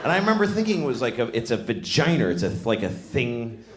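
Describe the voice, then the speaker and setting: A man's voice: mid-range voice, very animated, fast, slight background noise. A man in his forties from Boston doing a rambling, self-mocking, crude stand-up set on a comedy club stage. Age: 40s. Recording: echoey club with loud crowd.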